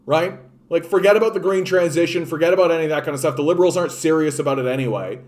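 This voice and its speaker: A man with a Canadian accent rants about the news, swearing constantly and mocking what he reads aloud. His voice sits a bit higher than most men's. He breaks off now and then to answer his live chat. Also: fairly quick. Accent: Canadian English. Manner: profane, sarcastic, reads articles aloud mockingly. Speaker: political commentator streaming live. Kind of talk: angry political rant with live chat.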